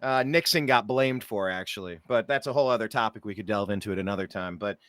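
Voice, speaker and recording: A male talk show host in casual political chat, speaking in an animated, exasperated way with mocking asides. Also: on the low side, fast talker, no room sound.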